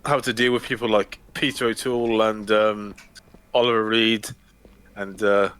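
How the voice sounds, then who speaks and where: A man's voice: on the low side, level tone, moderate pace, a bit bright, clean tone. A man hosting a gaming video, chatting casually and joking in a rambling way. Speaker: gaming channel host. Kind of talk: casual chat while playing.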